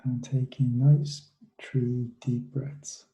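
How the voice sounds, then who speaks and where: In an echoey space, a student mindfulness coach talks listeners through a relaxation meditation, pausing at length between soft, unhurried instructions. His tone is very dark and mellow, medium in pitch, with little pitch movement.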